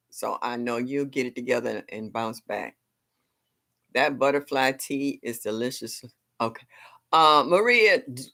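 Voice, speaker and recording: Chatty, expressive woman gardening host. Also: extremely low pitch. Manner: chatty, expressive, reacts aloud to viewer comments. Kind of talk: casual live chat with viewers. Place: home in Ohio.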